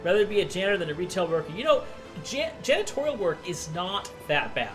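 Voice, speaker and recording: A man's voice: high voice, sing-song, fast, over music. A man co-hosting a live game stream, chatting casually and reading out messages from chat. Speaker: streamer co-host. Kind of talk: casual chat while gaming.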